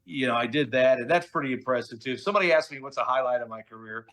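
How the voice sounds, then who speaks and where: A middle-aged man, a voice actor who is a guest in a casual interview, telling stories in an animated, slangy way. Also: medium pitch, very fast. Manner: animated, chatty storyteller, slangy with "dude" and "okay?".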